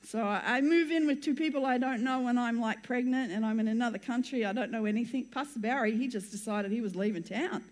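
A woman's voice: fairly high pitch, brisk, hardly any pauses. An older woman telling her life story as a church testimony, chatty and rambling, often breaking off mid-sentence and laughing. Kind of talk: chatty personal storytelling to an audience.

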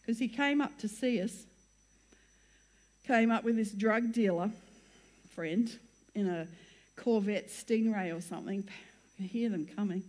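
A woman's voice: mid-range voice, a little mellow. An older woman telling her life story as a church testimony, chatty and rambling, often breaking off mid-sentence and laughing. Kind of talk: chatty personal storytelling to an audience.

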